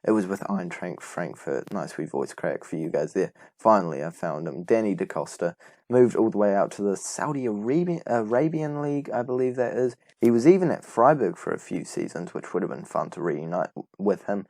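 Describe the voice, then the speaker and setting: A man's voice: on the low side, animated, a little fast, a little mellow, no room sound. A young man casually commentating on a football management game, rambling and correcting himself as he goes. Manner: rambling, self-correcting, enthusiastic. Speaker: gaming YouTuber.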